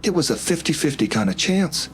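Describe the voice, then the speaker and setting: A man's voice: fairly high pitch, very animated, a little fast, soft background music, pitched above the performer's own voice. A man voicing a reckless, cheerful young man who dabbles in black magic, talking in eager, rambling bursts.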